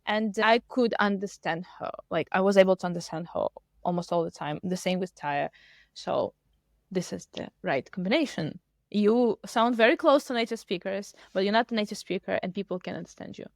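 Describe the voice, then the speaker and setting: A woman, an English teacher co-hosting a podcast, chatting in an animated, talkative way with many "like" fillers. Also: medium pitch, fairly quick, no echo, studio quality. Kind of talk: casual podcast chat.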